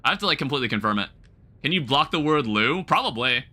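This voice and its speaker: A man's voice: medium pitch, animated, fast, pushed and bright. A man livestreaming a game, chatting casually with viewers in a rambling, self-correcting way with the odd light swear. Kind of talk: casual gameplay commentary.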